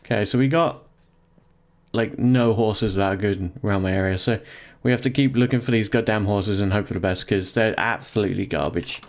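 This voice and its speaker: A man's voice: on the low side, fairly quick. A young man chatting casually and jokingly to his live-stream chat while gaming, rambling and laughing often, in his home office.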